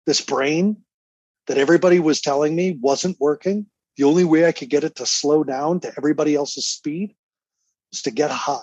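A man's voice: on the high side, a little mellow, husky, no room sound. A man in his fifties, reading a personal letter and then talking candidly as a guest, intense and emphatic. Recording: slightly dull, dry sound.

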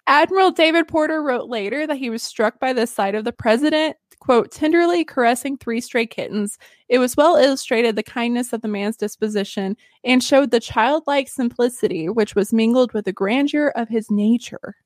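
A woman's voice: a little high, normal speed, no echo, clean studio sound. A woman hosting a casual history podcast, telling stories in a chatty, giggly way with lots of fillers. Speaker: podcast host.

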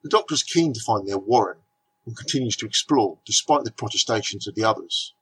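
A man reads a scripted comic review in a steady, measured way. His voice is low-pitched with a husky grain.

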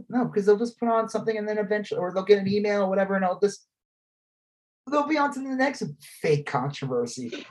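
A man co-hosting a podcast, talking in a blunt, animated, rambling way with plenty of swearing. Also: high voice, fast, rough recording. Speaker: podcast co-host. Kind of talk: casual political chat.

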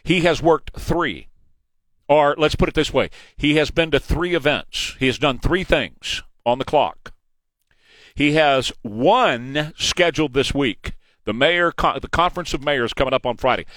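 A man's voice: mid-range voice, lively intonation, measured pace, fairly bright tone, dry recording. A man in his forties with a Texan accent, hosting a political talk radio show in an emphatic, opinionated way, repeating points for emphasis. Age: 40s. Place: radio studio. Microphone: studio microphone.

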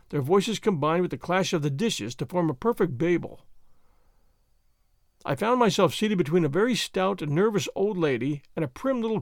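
A man narrating an audiobook in a measured, expressive storytelling manner. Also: high-pitched, dry recording, studio quality.

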